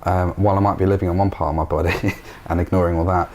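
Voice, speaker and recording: A man's voice: low voice, little pitch movement, rapid-fire, darkish tone, a little hiss or hum. A man speaking as a guest in a casual spiritual conversation, reflective and thoughtful.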